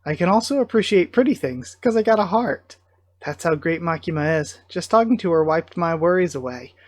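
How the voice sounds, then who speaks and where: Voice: medium pitch, animated, a little fast, no room sound, lightly acted. A reader voicing a brash, lovestruck teenage boy from a comic in a plain, casual reading voice. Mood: smitten.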